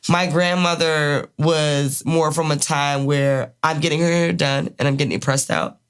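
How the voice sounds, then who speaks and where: A woman's voice: sits low, normal speed, clean tone. Candid Maryland woman telling stories. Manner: candid, profane, animated storytelling. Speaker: podcast co-host. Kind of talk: casual podcast chat.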